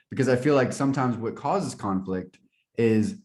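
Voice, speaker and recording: A man's voice: medium pitch, normal speed, darkish tone. A man hosting an interview, who sums up what his guest says and turns it back into questions. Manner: restates ideas as questions, brief affirmations. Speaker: interview host. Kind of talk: conversational interview.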